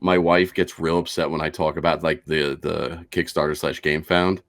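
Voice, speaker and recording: A man chatting casually on a stream about his gaming projects, telling stories and acting out the people he quotes. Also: normal speed. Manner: animated storyteller, acts out quotes in higher voices. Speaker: game designer and dungeon master.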